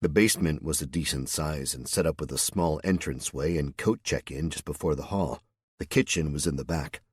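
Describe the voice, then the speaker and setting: Low-voiced male narrator, husky, steady storyteller. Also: a little fast, no echo, studio quality. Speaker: audiobook narrator. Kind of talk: scripted audiobook narration.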